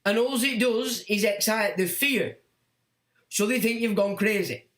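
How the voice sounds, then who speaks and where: A middle-aged man with a high voice hosts a casual livestream, unhurriedly answering chat comments in an echoey room. He's blunt and animated, sometimes mocking complainers in put-on voices.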